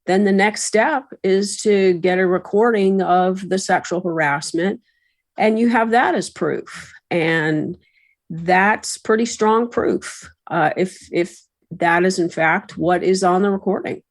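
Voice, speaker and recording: A woman attorney on a podcast, explaining workplace law in a measured, advisory way. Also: medium pitch, no room sound. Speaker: attorney and resident expert. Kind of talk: podcast discussion.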